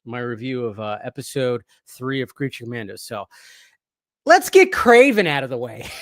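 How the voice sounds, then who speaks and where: A man's voice: mid-range voice, very animated, moderate pace, a bit bright, no echo, studio quality. A man hosting a casual movie-news live stream, rambling, restarting his sentences and reading viewers' messages aloud. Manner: rambling, restarts often, reads chat aloud.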